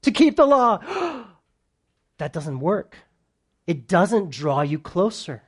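High-voiced male preacher, animated and playful, leading a verse-by-verse sermon before a live congregation. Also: measured pace, breathy edge. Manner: animated, joking with the congregation, swings between loud and soft. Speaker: pastor. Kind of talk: sermon, verse-by-verse Bible teaching.

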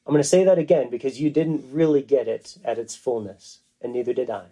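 Earnest man preaching, mellow voice. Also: medium pitch, husky. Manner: earnest, emphatic, with slow stressed phrases. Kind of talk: sermon.

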